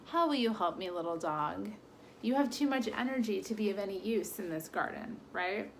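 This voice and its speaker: A woman voicing a gloomy, lonely ram who speaks in slow, sighing, solemn phrases. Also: medium pitch, animated, slight background noise, lightly acted, poor audio. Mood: dismissive.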